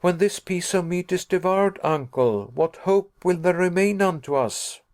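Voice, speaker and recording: A man voicing an excitable young nephew who pleads in agitation, pitched above his narrating voice. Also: a little slow. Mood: desperate.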